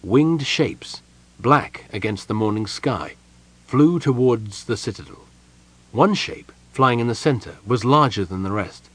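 Male fantasy audiobook narrator, husky tone, animated pitch, storytelling read. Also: poor audio. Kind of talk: scripted narration.

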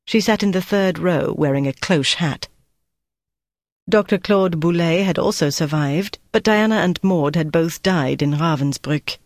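An audiobook narrator with a mid-range voice reads a novel, keeping the storytelling steady and measured. It's scripted narration on a dry, studio-quality recording.

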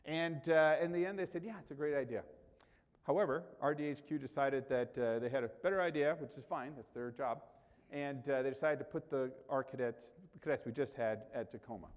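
A man's voice: medium pitch, fairly quick, long reverb tail. A male pastor preaching a sermon in a conversational way, rising sharply for emphasis.

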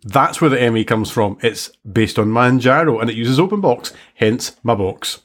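A man's voice: mid-range voice, moderate pace. A man hosting a casual podcast chat, joking and teasing himself as he talks. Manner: joking, self-mocking. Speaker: podcast host.

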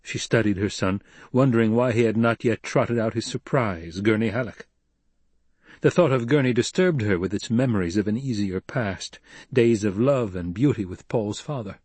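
A man narrating an audiobook in a measured, even delivery. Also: fairly low pitch, husky, no echo.

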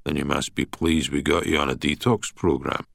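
A gruff Glaswegian prisoner, voiced by a male narrator in an audiobook, blunt and skeptical as he grills a fellow inmate. His voice sits very low and gravel-plain, recorded dry and close. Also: steady tone, normal speed, a bit bright, no echo, full character voice. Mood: blunt, probing. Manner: blunt, interrogating.

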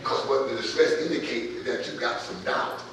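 A man preaching a sermon as pastor, his voice swelling louder as he drives points home. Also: medium pitch, brisk, a crowd in the background. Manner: preaching with rising volume and calls of amen. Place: church sanctuary. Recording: distant mic in an echoey church hall.

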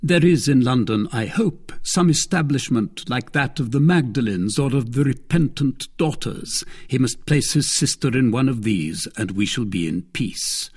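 A man's voice: medium pitch, expressive, moderate pace, few pauses, husky. A man voicing a dry-witted, weary male musketeer in a storybook reading, speaking wryly and with command.

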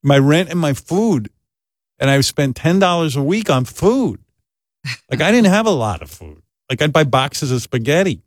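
A man hosting a talk show, telling a self-deprecating comic story in animated casual chat and jumping into quoted voices. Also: on the high side, normal speed, no room sound, studio quality. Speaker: host.

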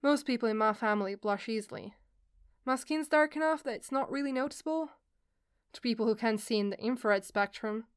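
A woman's voice: a little high, brisk, clean tone, lightly acted. A woman voicing an anxious, flustered young man tending a sick friend in a fan fiction reading.

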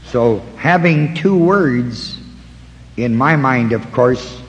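A man teaching a Bible study, slowly walking listeners through word references in a deliberate way. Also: mid-range voice, lively intonation, big-room sound, highs cut off, slight background noise. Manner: slow, deliberate, pausing to point out references.

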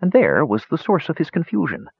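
A man narrating a fantasy audiobook in an expressive, dramatic reading. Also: on the high side, brisk, vocal fry, husky, no echo. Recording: dull lo-fi recording.

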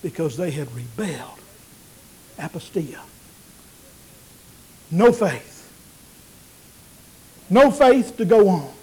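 High-voiced preacher, swinging loud and soft. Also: male voice, very animated, takes it slowly, long pauses, a little hiss or hum, low-quality recording. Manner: preacherly, rising to emphatic peaks then dropping low and quiet. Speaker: pastor. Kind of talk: sermon.

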